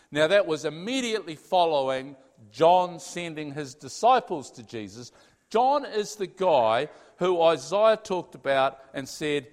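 A man's voice: on the high side, moderate pace. A man preaching a conversational sermon with lots of energy, often checking in with the audience. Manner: animated, tags sentences with "okay?". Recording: long hall reverb.

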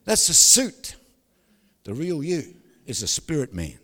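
An older man, preaching a sermon with jokes, stories and sudden loud outbursts. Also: a little high, wildly swooping pitch, slow. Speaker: pastor. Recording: hall reverb.

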